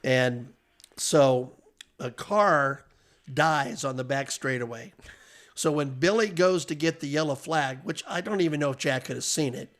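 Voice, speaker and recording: A man on a podcast as guest, telling casual anecdotes with animated delivery and frequent chuckles. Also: mid-range voice, unhurried. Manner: animated storyteller, chuckles often.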